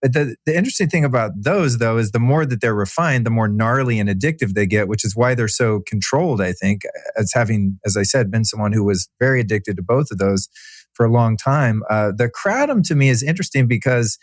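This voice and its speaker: A man's voice: mid-range voice, lively intonation, a little fast, no echo, studio quality. A man hosting a podcast, talking in a chatty, reflective way in casual conversation. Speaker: podcast host.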